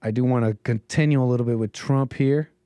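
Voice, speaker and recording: Rambling, chuckling stream host, dry sound. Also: male voice, mid-range voice, fairly even intonation, brisk, dark tone, no echo. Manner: rambling, chuckling, self-interrupting. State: slightly sick. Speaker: livestream host. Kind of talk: casual call-in stream commentary.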